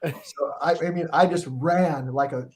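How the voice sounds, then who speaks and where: Slightly high-voiced man telling a rambling story. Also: a little slow. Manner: rambling, profane, restarts often. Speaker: guest musician telling a tour story. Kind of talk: casual storytelling in a podcast chat.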